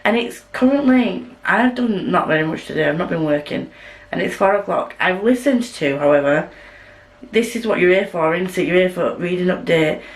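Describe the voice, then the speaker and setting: A woman with a Yorkshire accent talks casually to her camera at home, rambling from one thought to the next. She drops self-mocking asides as she goes, and her voice sits a little low for a woman. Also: lively intonation, moderate pace, low-quality recording. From Northern England. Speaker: vlogger. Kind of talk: casual chat.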